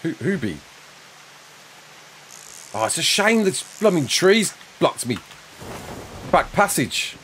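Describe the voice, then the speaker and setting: A man in his thirties with a Black Country accent chats his way through a game livestream. He reads out chat, thanks donors as mate and son, and pokes fun at himself, his pitch rising and falling freely. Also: sing-song, slow pace, long pauses, fairly bright tone, a little hiss or hum. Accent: Black Country English. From Black Country, England. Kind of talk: casual livestream chat reading donations and chat.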